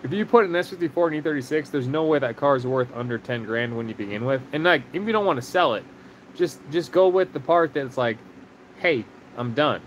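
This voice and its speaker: Brief: thirties man, slightly high voice, joking profane co-host, faint noise. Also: fast talker, rough recording. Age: mid-30s. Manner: joking, profane, reads comments aloud. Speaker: livestream co-host. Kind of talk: casual chat.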